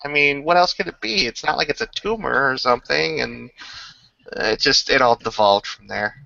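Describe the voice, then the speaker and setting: A man's voice: medium pitch, lively intonation, normal speed, vocal fry, pushed and bright, no room sound. A man joking wryly while playing a tabletop game. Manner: joking, wry. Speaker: player. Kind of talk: casual game chat. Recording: dull lo-fi recording.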